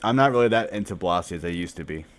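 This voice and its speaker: A young man streaming a mobile card game, commenting live with profane trash talk, dropping to mumbles and then shouting at opponents. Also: sits low, lively intonation, fast talker.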